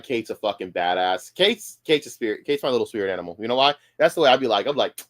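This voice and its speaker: A man's voice: medium pitch, lively intonation, quick pace, hardly any pauses. A man reacting on a live stream, heated and profane, often stammering and restarting his sentences. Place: home streaming room.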